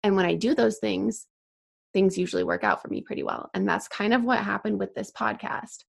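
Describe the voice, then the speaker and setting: A woman's voice: medium pitch, a little fast, creaky, breathy edge. A young woman hosting a solo podcast, chatty with many fillers and sighs, a bit out of breath. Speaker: podcast host.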